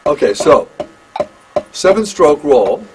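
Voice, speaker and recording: Older male drum teacher, halting and chatty, counts beats aloud; slow delivery, audible background hiss. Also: fairly high pitch, big pitch swings. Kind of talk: one-on-one drum lesson.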